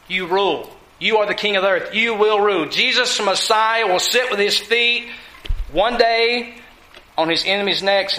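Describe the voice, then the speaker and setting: High, bright-voiced man preaching. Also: roomy sound, poor audio. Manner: asks the congregation rhetorical questions, deliberate emphasis. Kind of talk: sermon.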